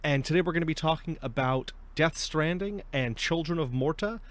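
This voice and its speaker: A man's voice: on the high side, moderate pace. A young man hosting a casual podcast, telling stories in a chatty way and laughing often. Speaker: podcast host.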